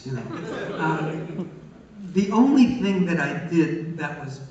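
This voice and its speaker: A man's voice: fairly high pitch, expressive, slow pace, a crowd in the background. An older man answering questions at a live Q&A, a wry, teasing storyteller who often hesitates. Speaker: guest answering audience questions. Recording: echoey hall, far from the mic, dull sound.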